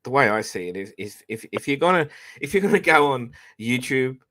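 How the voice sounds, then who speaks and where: Halting laid-back man. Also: mid-range voice, sing-song, a bit bright, dry recording. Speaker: panel guest. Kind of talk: casual online panel chat.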